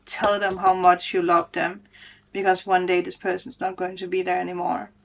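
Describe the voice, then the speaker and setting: A woman's voice: on the low side, completely flat delivery, moderate pace, vocal fry, lo-fi sound. Emotional woman giving a tarot reading. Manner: emotional, laughs often, speaks directly to viewers. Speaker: spiritual tarot reader. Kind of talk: casual tarot reading vlog.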